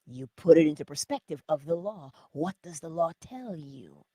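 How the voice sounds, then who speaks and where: Husky woman teaching with lively pitch. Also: measured pace, no echo. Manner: preacherly, rhetorical questions, conversational. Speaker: spiritual teacher. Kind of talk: inspirational morning teaching.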